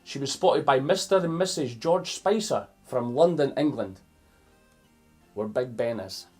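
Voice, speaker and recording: A man with a Scottish accent reads a picture book aloud to children in an animated, playful way, stopping to explain words for his young listeners. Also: medium pitch, a little slow, husky, soft background music. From Scotland. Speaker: children's storyteller.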